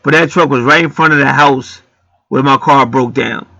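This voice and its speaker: A man's voice: mid-range voice, fairly even intonation, normal speed, gravelly, sharp tone, dry recording. A man hosting his own channel, telling stories in a blunt, profane, heated rambling monologue. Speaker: channel host.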